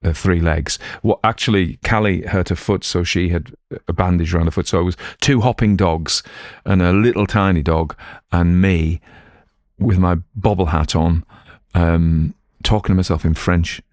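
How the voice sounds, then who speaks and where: Deep-voiced Cumbrian man rambling. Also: fairly even intonation, normal speed, darkish tone, no echo, studio quality. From Cumberland, England. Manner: digressive, self-mocking, chatty. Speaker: audiobook reader and channel host. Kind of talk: casual rambling chat.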